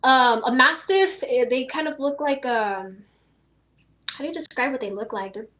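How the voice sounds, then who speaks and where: A woman from Las Vegas, a podcast guest, telling stories in casual chat, animated and full of laughter and filler words. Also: high voice, moderate pace. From Las Vegas, USA.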